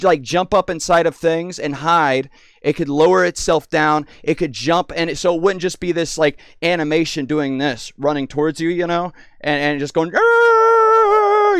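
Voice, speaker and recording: An excitable man rambles through casual gameplay commentary. His voice is smooth and pitched a little high. The sound is dry and close, with hardly any room. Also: dry recording. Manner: rambling, excitable, full of restarts. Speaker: gaming video host.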